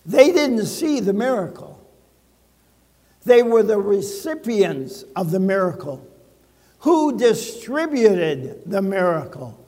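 An older man preaches slowly, drawing out his words with dramatic pauses and a wry, joking storytelling manner. His voice sits high for a man. The sound carries a long reverb from a church sanctuary. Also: big pitch swings, dark tone. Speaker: pastor. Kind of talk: sermon.

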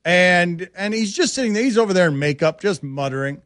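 A sports radio host rants with plenty of sarcasm, talking animatedly into a studio microphone. His voice is fairly high, and the sound is close and dry. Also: lively intonation, brisk, hardly any pauses, a bit bright, no room sound. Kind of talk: casual sports talk radio.

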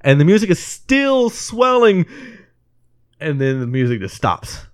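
A man's voice: a little high, sing-song, unhurried, no room sound, clean studio sound. A man co-hosting a casual movie review podcast, emotional and teary, retelling scenes and acting out the characters' lines, swearing freely. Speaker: podcast co-host.

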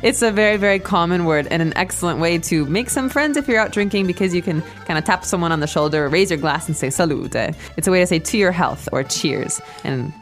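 Woman teaching slowly and clearly. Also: fairly low pitch, faint music behind. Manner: explains slowly, repeats phrases. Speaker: language podcast host. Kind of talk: language lesson chat.

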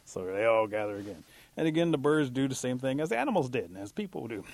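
A man telling a traditional animal folk tale aloud in a relaxed, conversational way. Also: medium pitch, quick pace. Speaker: storyteller.

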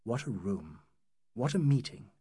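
A man reads a classic novel aloud in a measured, wry manner. His voice is slightly husky and a touch high, with lively rises and falls, recorded close and dry with no room sound. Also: no room sound. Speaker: narrator. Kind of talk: audiobook narration of a classic novel.

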